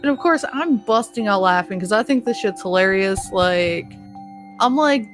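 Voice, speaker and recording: A woman's voice: medium pitch, lively intonation, normal speed, over music. A woman hosting a solo podcast, ranting bluntly with heavy swearing and laughing at her own points. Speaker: podcast host. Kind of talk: casual solo podcast rant.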